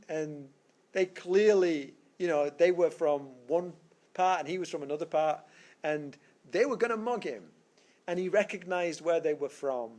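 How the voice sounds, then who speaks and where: A man with a slightly high, darkish voice works through a physics lesson step by step, in what sounds like a casual classroom lecture recorded as a screencast. He rambles, restarts sentences, and fills pauses with lots of fillers.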